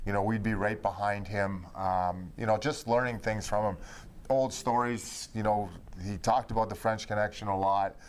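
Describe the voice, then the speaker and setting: Low-voiced man reminiscing, full of fillers. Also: steady tone, normal speed, a little hiss or hum. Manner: rambling, many fillers of "you know". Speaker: former teammate. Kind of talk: reminiscing conversation.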